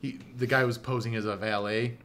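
A man's voice: mid-range voice, steady tone, a little fast, fairly bright tone. Brief: a laughing male host in casual chat, acting out quotes with a faint hiss behind him. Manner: laughs often, acts out quotes in exaggerated voices.

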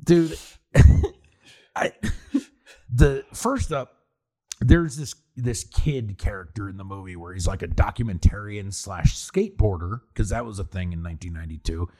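A man's voice: lowish voice, measured pace. A man co-hosting a podcast, talking casually and swearing as he reviews a movie, with frequent laughs and restarts. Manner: animated, swearing, laughing, restarts mid-sentence. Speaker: podcast co-host.

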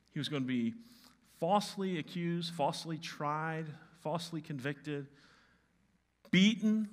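A man preaching a sermon in a bright, forceful voice pitched a little high. He drops to a hushed tone, then rises to loud, stressed words. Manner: emphatic, swings from hushed to loud. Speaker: pastor.

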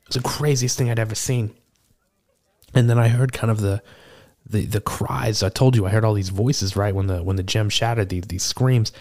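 A man playing a seasoned male tortle cleric, telling a rambling, animated, self-deprecating tavern tale in a tabletop game. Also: on the low side, moderate pace, natural voice. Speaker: player. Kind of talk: in-character tavern storytelling.

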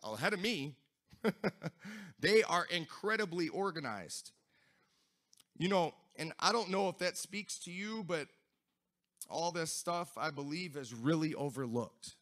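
A male pastor with a high, bright voice delivers a sermon at an unhurried pace. He swings from soft, reflective musing up to excited shouts of praise, laughing and exclaiming along the way. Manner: builds from quiet reflective talk to shouted praise.

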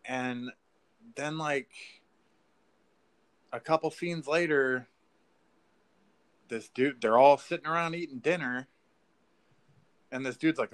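A man's voice: medium pitch, slow pace, long pauses. Rambling, profane young-sounding guy. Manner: rambling, profane, filler-heavy, says "like" and "dude"; excitable storytelling. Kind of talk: casual chat.

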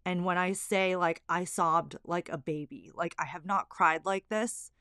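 A woman's voice: fairly low pitch, steady tone, measured pace, a bit bright, smooth, no room sound, clean studio sound. A young woman, a stay-at-home mom, candidly telling a personal story with lots of fillers. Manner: candid, emotional, filler-heavy.

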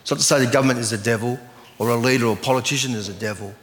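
A man's voice: medium pitch, fairly even intonation, rapid-fire. A man, a pastor preaching an earnest sermon and reading scripture aloud. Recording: long hall reverb.

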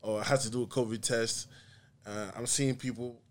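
A man's voice: mid-range voice, moderate pace. A man who grew up in the United States, a podcast guest telling a story in casual conversation and acting out what other people said. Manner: animated, acts out other people's lines. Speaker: podcast guest, comedian and musician.

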